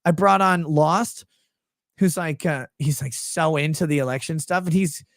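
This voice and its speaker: A young Minnesota man hosts a livestream, rambling through crude jokes and reading viewer super chats aloud with plenty of fillers. His voice sits on the high side with some vocal fry and a slightly bright tone, at a moderate pace. The recording is dry and studio quality.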